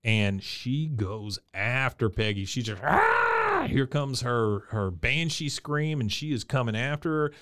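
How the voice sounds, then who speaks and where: A man's voice: mid-range voice, unhurried, few pauses, fairly bright tone, slight background noise. A man co-hosting a podcast, casually retelling scenes and acting out the characters' lines. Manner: retells scenes, reading out quotes in put-on voices. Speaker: podcast co-host. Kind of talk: casual recap chat.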